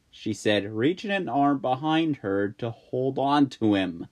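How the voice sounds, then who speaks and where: Slow, lively storybook narrator over music. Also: mid-range voice. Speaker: audiobook narrator.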